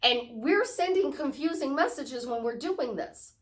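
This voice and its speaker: A woman's voice: sits high, lively intonation, unhurried. Woman, life coach, casual spiritual chat, rambling, acts out small conversations. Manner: chatty, rambling, acts out little dialogues. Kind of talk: casual spiritual talk to camera.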